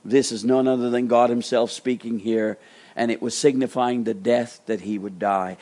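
A man preaching an earnest sermon as pastor, his voice climbing high when he acts out quotes and dropping soft and slow on key points. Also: fairly even intonation.

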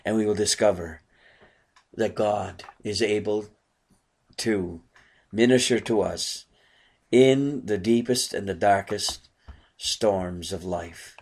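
A man's voice: on the low side, slow pace, pauses often, darkish tone, slightly rough. A man preaching a sermon in an earnest way, often asking rhetorical questions.

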